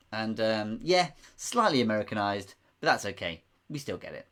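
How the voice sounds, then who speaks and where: A man's voice: lowish voice, sing-song, unhurried, hardly any pauses, a bit bright. A man hosting a live online pub quiz, chatty and rambling, repeating himself and chuckling often. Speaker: quiz host.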